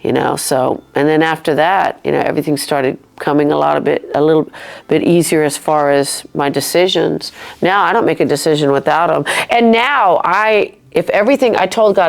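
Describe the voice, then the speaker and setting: As a guest on a podcast, a woman with a low, creaky voice recounts her faith journey at a normal speed. She's sincere and thoughtful, frequently starting her sentences over.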